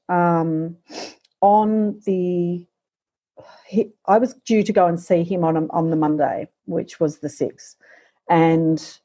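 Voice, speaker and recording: A middle-aged woman with a somewhat low, husky voice shares a personal story in an interview. Her tone is mellow and soft-edged. She speaks haltingly and reflectively, often pausing and restarting. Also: dull audio. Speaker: guest.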